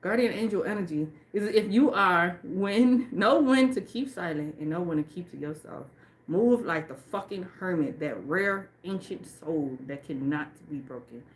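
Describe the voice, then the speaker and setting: A woman with a fairly low voice giving a livestream tarot reading, swearing freely and pressing hard on her points. She slows right down to read the card text aloud, then goes back to blunt, emphatic talk to her viewers. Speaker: tarot and oracle card reader. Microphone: off camera, face not shown.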